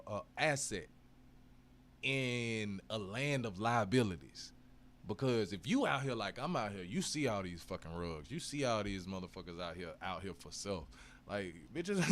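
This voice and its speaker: A man's voice: fairly low pitch, slight background noise. A man hosting a casual webcast, talking in a laid-back, slangy and heavily profane way that rambles with fillers. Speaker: host. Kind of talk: casual crypto webcast talk.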